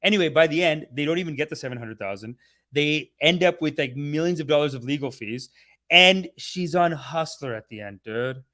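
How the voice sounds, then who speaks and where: A young man hosting a casual, rambling review, profane and animated, who slips into mock voices for the people he describes. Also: on the high side, moderate pace. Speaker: show host reviewing a documentary series.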